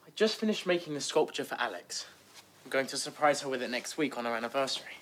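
A woman voicing a young cartoon man, a sweet boyfriend who stammers nervously and gets excitable. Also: rumbling low, quick pace, a little hiss or hum. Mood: sheepish. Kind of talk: cartoon voice acting.

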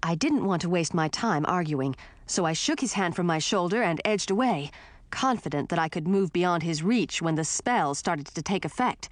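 A woman narrates a fantasy audiobook in a clear storytelling manner. Her voice sits fairly low and is recorded dry and close, with no room sound. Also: lively intonation, normal speed, no echo. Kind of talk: scripted narration.

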